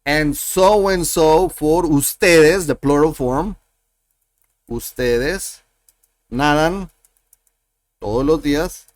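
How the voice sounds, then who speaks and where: A man teaching a Spanish lesson, slowly and patiently repeating example sentences as he walks through verb endings. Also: fairly high pitch, no room sound. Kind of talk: screen-share language lesson.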